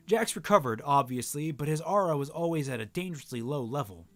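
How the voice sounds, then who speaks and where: Man, animated delivery, fairly high voice, casual read-aloud, stumbles and corrects himself. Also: a little fast, few pauses, faint music behind. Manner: animated, stumbles and self-corrects while reading. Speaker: co-host reading a novel aloud. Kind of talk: casual read-aloud, voicing characters plainly.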